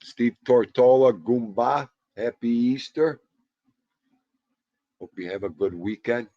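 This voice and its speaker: A mid-range, dark-toned voice belongs to this man in his fifties, who takes it slowly while hosting a casual livestream. He says hello to viewers one by one and jokes around, captured in dull lo-fi audio with no room sound.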